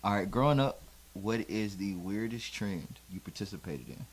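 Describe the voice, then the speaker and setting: Southern male host, lowish voice, animated and profane. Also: normal speed, husky, poor audio. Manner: animated, swears freely. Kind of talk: casual chat.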